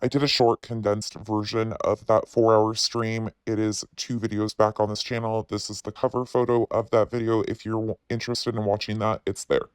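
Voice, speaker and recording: A man hosting a channel, speaking a pointed commentary voice-over and asking sharp questions. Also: lowish voice, flat delivery, normal speed, few pauses, clean tone, no echo, studio quality.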